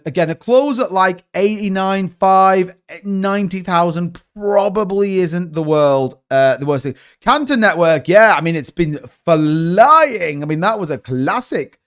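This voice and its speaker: A man hosting a live stream, giving casual market commentary in an animated, joking way, repeating catchphrases. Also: fairly high pitch, clear, resonant tone. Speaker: crypto channel host.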